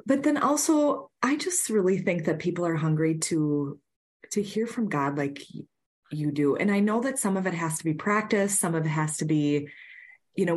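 Heartfelt woman host with a lowish voice. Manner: heartfelt, reacts with soft exclamations. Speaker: podcast host. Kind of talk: casual faith talk.

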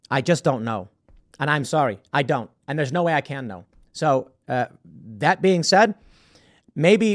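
A male podcast host arguing his point in opinion commentary. His voice swings widely in pitch and sits slightly high for a man. He talks emphatically and stumbles into repeated words when he restarts.

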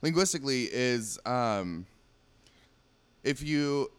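A man's voice: medium pitch, expressive, slow, smooth. A man with a Pacific Northwest American accent, a podcast guest chatting casually and rambling through a nerdy explanation with lots of "um"s. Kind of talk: casual chat.

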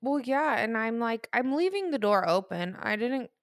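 A woman from the US Midwest co-hosting a podcast, telling stories in a lively, profane, casual way. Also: a little high, normal speed, dry recording, clean studio sound. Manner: animated, profane storytelling. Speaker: podcast co-host. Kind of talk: casual chat.

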